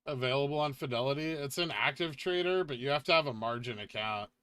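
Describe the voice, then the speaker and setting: Bright-voiced tired man reading chat. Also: medium pitch, fairly quick, clear, resonant tone, no echo. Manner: relaxed, tired, reads viewer questions aloud. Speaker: livestream host reading chat. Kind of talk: casual livestream chat.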